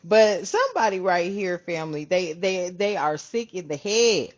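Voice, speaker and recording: A woman's voice: fairly low pitch, sing-song, normal speed. A woman hosting a casual spiritual reading channel, chatty and swearing freely as she talks to her viewers as family. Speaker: tarot reader. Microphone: camera on her hands. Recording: dull lo-fi sound.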